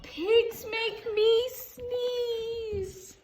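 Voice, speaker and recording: A woman's voice: mid-range voice, very animated, very slow, voice pushed down, exaggerated voice. A woman voicing a dramatic, anxious young male elephant in a storybook read-aloud, wailing and melodramatic. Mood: woeful.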